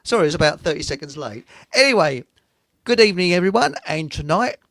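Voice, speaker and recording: A middle-aged man hosting a live online radio chat show, chatty and rambling, quick to joke and laugh at himself. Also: a little high, sing-song, fairly bright tone, no room sound, studio quality. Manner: chatty, rambling and jokey, laughs at his own lines.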